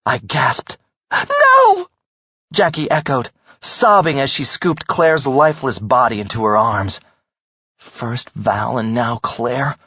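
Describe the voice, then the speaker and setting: A man narrating a first-person audiobook thriller in a dramatic, expressive way. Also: mid-range voice, measured pace, slightly rough, dry recording. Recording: dull, dry audiobook recording.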